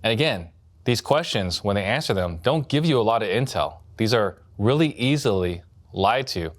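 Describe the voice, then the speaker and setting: A man teaching a sales training lesson in a direct coaching tone, acting out what prospects say and shifting his loudness and pace to show his points. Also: on the low side, animated, moderate pace.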